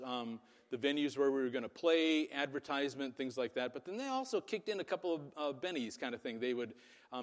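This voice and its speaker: A middle-aged man preaching a sermon in a relaxed, conversational storytelling way, with plenty of ums. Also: medium pitch. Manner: conversational storytelling with many fillers. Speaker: pastor. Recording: long reverb of a large hall.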